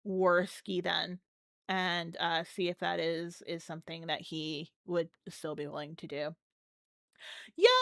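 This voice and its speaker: A woman's voice: on the high side, fairly bright tone, clear, resonant tone, no room sound, studio quality. A woman hosting a live stream, chatting casually and thanking viewers as she comments. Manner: chatty, keeps thanking chat supporters.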